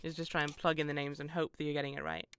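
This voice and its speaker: Young british girl streaming a game, rambly and self-deprecating, laughs a lot, smooth clear voice. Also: sits low, very fast. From Britain. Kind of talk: casual gameplay stream chat.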